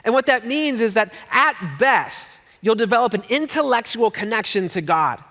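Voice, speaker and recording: A middle-aged man preaching a sermon as pastor, telling stories with jokes and playful voices. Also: high-pitched. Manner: animated storyteller with jokes and playful put-on voices. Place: church hall. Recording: long hall reverb.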